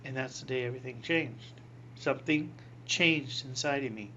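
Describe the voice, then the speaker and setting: A man in his sixties, a priest, telling a personal story in an interview, animated, acting out voices and laughing often. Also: medium pitch, normal speed, dull audio, slight background noise.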